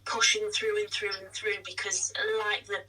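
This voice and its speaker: Actress, guest in a chat interview: husky, bright, a bit off-mic, self-deprecating. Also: female voice, mid-range voice, flat delivery, distant mic, low-quality recording. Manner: chatty, self-deprecating, quick asides. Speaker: musical theatre actress, guest.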